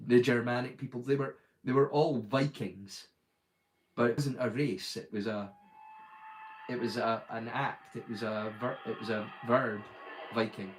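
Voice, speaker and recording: A man's voice: medium pitch, steady tone, measured pace, noisy background. A man hosting a live stream, chatting casually and rambling, with lots of "like" fillers and restarts. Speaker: streamer, host.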